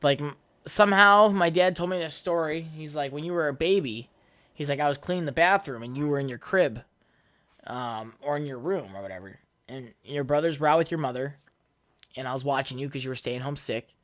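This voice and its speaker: A man's voice: on the high side, fairly quick, fairly bright tone. A young man hosting his own podcast, telling stories from his childhood in a rambling, profane way, full of fillers and restarts. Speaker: podcast host. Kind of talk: casual solo podcast storytelling.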